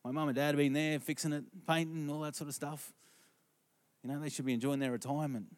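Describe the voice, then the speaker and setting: Middle-aged preacher, conversational and questioning. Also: male voice, a little high, fairly even intonation, quick pace. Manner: conversational, asks the congregation questions. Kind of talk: sermon with storytelling.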